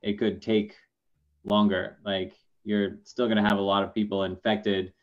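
A man talking calmly as a guest in a casual video call chat, with dull lo-fi call audio. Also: fairly low pitch, normal speed.

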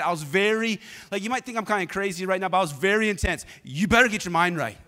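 Pastor, male, fairly high voice, lively conversational preaching that calls on the congregation, long church reverb. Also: quick pace, few pauses. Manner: energetic, conversational, prompts the congregation to respond. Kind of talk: sermon with personal storytelling.

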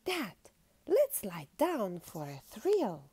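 A woman reading aloud and voicing a little polar bear girl who is searching for her dad, with a high, eager, pleading voice. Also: huge pitch swings, slow, warm tone, slightly rough, heavily acted. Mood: playful.

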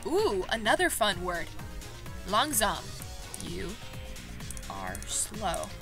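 A woman vlogging in a casual commentary style, excitable and self-mocking, reacting quickly as she plays. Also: mid-range voice. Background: background music.

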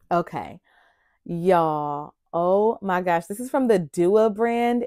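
A young woman talks straight to her viewers in an easy, unhurried drawl, excitable and chatty. The sound is close and dry, with no room echo. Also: lowish voice. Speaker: vlogger unboxing gifts. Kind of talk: casual unboxing chat. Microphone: external mic on camera.

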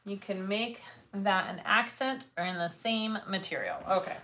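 A woman's voice: medium pitch, normal speed. A woman hosting a casual livestream, muttering checklists to herself as she works, with chatty asides to viewers. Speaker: livestream host, bag maker. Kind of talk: casual livestream chat while cutting fabric. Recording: noticeable background noise.

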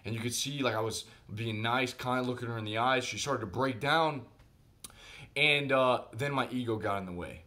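A man telling a personal story in a casual vlog monologue, animated and conversational, speaking directly to his viewers. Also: mid-range voice, normal speed. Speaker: vlogger.

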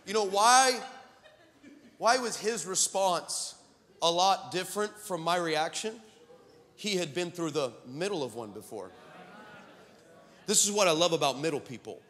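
A man preaching a sermon to his congregation, telling stories with animated humor and jokes. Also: high-pitched, long reverb tail. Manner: animated storytelling, joking with the congregation. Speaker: pastor. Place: church sanctuary.

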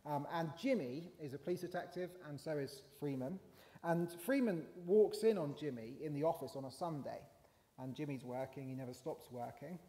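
A man's voice: on the high side, moderate pace, dark tone. A man preaching a conversational sermon, with fillers and rising emphasis. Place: church. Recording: long church hall reverb.

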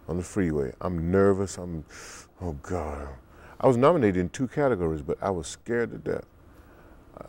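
An older man, a musician guest in an interview, telling stories in an unhurried way and acting out the quotes. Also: a little mellow. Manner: deep, unhurried storyteller who acts out quotes. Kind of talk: relaxed storytelling interview.

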